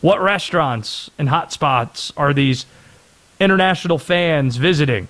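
A man hosting a sports talk radio show, animated and joking, sometimes putting on silly voices. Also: on the high side, a little slow.

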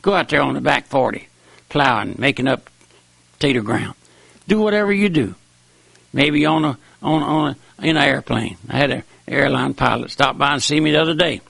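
A man's voice: mid-range voice, normal speed, vocal fry, a bit bright, dry recording. An older man preaching a folksy, rambling sermon with rising and falling emphasis. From raised on a farm. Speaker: preacher on radio.

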